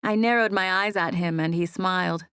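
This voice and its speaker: Soft-spoken woman reading a romance audiobook. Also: on the low side, normal speed, clean tone, dry recording, clean studio sound. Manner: soft, intimate storytelling. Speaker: audiobook narrator. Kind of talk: first-person romance audiobook narration. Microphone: close studio mic.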